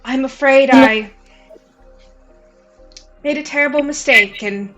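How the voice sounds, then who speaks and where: A woman's voice: high-pitched, slow pace, a bit bright, soft background music. A woman voicing an elderly female swan, theatrical and tearful, who gushes and calls everyone darling. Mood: wistful.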